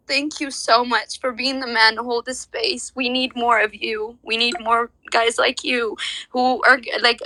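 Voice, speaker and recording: A woman's voice: sits high, sharp tone, no room sound, low-quality recording. A tearful woman speaking earnestly in an online audio discussion, grateful and searching for answers. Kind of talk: emotional personal testimony.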